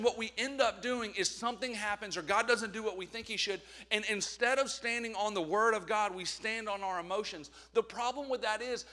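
A man's voice: high voice, sharp tone. A middle-aged man preaching a candid, conversational sermon with jokes along the way. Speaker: pastor.

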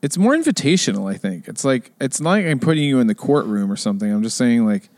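A man's voice: fast, no room sound. A middle-aged man co-hosting a podcast, chatting casually and animatedly, acting out other people's lines. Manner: animated, acts out quoted voices in a higher pitch. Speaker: podcast co-host. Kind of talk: casual chat.

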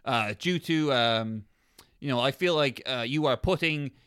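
A man voicing a stern naval officer formally declaring a mutiny, halting with fillers. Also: medium pitch, fairly bright tone, clean tone, no room sound, studio quality, lightly acted.

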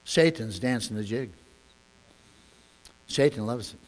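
A man preaching a sermon as a pastor, telling a story with animated rhetorical questions. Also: mid-range voice, a little slow. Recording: long echoey hall reverb.

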